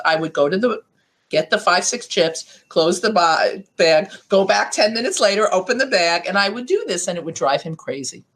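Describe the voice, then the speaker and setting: A middle-aged woman life coach telling stories in a podcast interview, animated and often acting out the voices of the people she quotes. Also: lowish voice.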